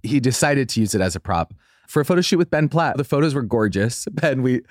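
A man's voice: fairly quick, no room sound, studio quality. Gushing man podcast co-host with a cold. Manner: effusive, gushing, swoops high when excited. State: has a cold. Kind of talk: casual chat.

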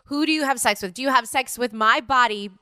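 A woman's voice: a little high, fairly quick, bright, forceful tone, clear, resonant tone, no echo, clean studio sound. A woman in her thirties hosting a podcast, blunt and teasing, swearing freely in casual chat. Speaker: podcast host.

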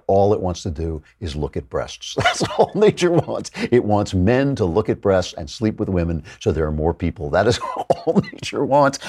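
A man's voice: lowish voice, a little mellow. Wry, chuckling male talk show host. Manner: wry, laughing often, mocking asides. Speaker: podcast host. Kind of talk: opinionated talk show monologue.

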